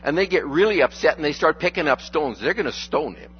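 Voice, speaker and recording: Joking, relaxed man preaching a sermon. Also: fairly high pitch, fairly quick, slightly rough, muffled recording, soft background music. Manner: relaxed, joking, with frequent fillers and restarts. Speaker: pastor. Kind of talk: conversational sermon.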